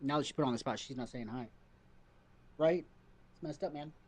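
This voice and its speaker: A man's voice: mid-range voice, a little fast, slightly rough. A man streaming a game from home, chatting casually and rambling to his chat, repeating himself as he goes.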